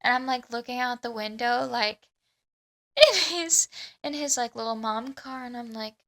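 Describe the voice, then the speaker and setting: A young adult woman co-hosting a podcast, telling an animated story in casual chat with lots of "like". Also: on the high side, normal speed. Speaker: podcast co-host.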